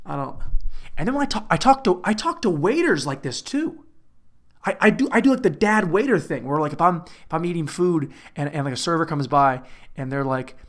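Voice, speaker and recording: A man's voice: fairly high pitch, animated, fairly quick. A young man hosting a casual comedic monologue, rambling and poking fun at himself. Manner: rambling, self-mocking, trails off and restarts. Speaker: host.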